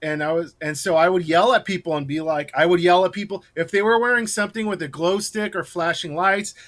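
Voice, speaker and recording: Man, interview guest, casual chat, rambling, slightly higher voice. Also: brisk, a bit bright. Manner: rambling storyteller, many fillers and restarts, laughs while telling. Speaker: guest scare actor.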